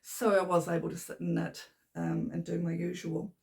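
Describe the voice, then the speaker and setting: A New Zealand woman hosts a knitting podcast from home, chatting and rambling with a slightly shaky voice. Her pitch is fairly low and barely moves, her pace is normal, and her tone is creaky and somewhat dark. She's recorded on a camera set on a tripod in a room of her house.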